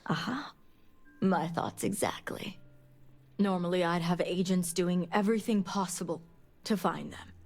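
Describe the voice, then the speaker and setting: An actress playing a guarded female noble elder and spymaster in a video game, speaking in a measured, formal way with breathy edges. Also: fairly low pitch, faint music behind. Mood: stern. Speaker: game character.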